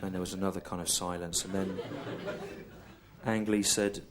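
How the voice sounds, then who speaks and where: Deadpan low-voiced male comedian. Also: noisy background. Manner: deadpan, slow, repetitive. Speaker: stand-up comedian. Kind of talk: stand-up storytelling. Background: audience laughter.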